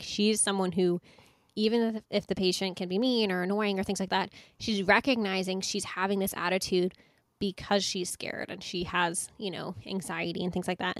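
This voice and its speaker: A woman's voice: mid-range voice, creaky, dry recording, clean studio sound. A woman co-hosting a podcast, chatting casually about a TV episode, laughing often and saying "like" a lot. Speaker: podcast co-host. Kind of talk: casual TV episode recap chat.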